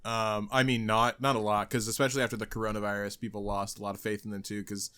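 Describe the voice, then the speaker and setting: A man co-hosting a casual podcast, talking hesitantly with many pauses and restarts. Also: on the low side, level tone, fairly bright tone, clear, resonant tone. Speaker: podcast co-host. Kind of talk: casual chat.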